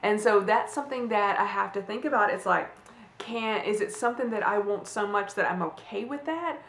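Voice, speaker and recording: A woman's voice: mid-range voice, moderate pace, fairly bright tone, a little hiss or hum. A woman in her forties, a fashion vlogger chatting casually to camera, rambling with restarts and fillers. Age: 40s. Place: room at home. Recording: echoey room.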